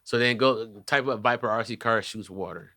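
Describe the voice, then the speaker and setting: A young man hosting a comedy podcast, telling animated stories and cussing freely in casual chat. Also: mid-range voice, normal speed, no echo, clean studio sound. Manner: animated storytelling, swears freely. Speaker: podcast host.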